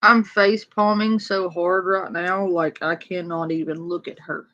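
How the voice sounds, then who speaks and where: A woman's voice: fairly low pitch, flat delivery, unhurried, fairly bright tone, muffled recording. A woman reacting to clips for a chat audience, sarcastic and incredulous. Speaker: reaction commentator. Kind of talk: casual reaction commentary.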